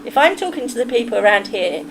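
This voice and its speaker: A woman's voice: a little high, big pitch swings, quick pace, a little hiss or hum, low-quality recording. A middle-aged woman with a Kentish English accent, chatting casually and with firm opinions to her livestream viewers. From England. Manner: chatty, opinionated, talks straight to chat.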